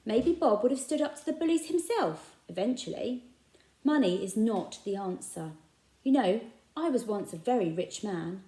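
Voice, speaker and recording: Kindly eccentric shopkeeper man, read by a woman, earnest, fussing, lively swoops, echoey room. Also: medium pitch, normal speed, close to an everyday voice. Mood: gentle.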